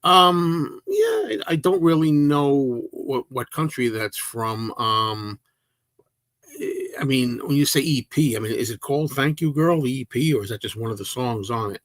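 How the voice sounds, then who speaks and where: A man's voice: mid-range voice, sing-song, measured pace, a bit bright, no echo. A man hosting a casual livestream, answering viewer comments in a rambling, chatty way that often restarts mid-sentence. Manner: rambling, self-interrupting, chatty.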